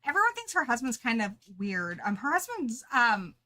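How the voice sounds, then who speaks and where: A woman's voice: fairly high pitch, very animated, normal speed, sharp tone. A woman co-hosting a book club chat, talking casually and animatedly and often laughing at herself.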